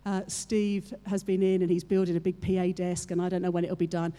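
A woman's voice: on the low side, little pitch movement, brisk, dark tone. A woman preaching a sermon, retelling a story with playful asides to her congregation. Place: church hall with audience. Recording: long reverb of a large hall.

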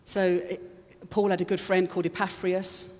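A woman's voice: on the low side, little pitch movement, normal speed, darkish tone. A woman giving a chatty, conversational sermon, openly emotional and laughing often. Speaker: preacher. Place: church hall. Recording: long hall reverb.

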